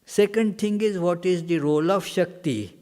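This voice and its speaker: A man, a monk teaching at a retreat, answers questions in a halting way, with many pauses and fillers and emphatic repetition. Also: sits high, darkish tone. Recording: reverberant hall.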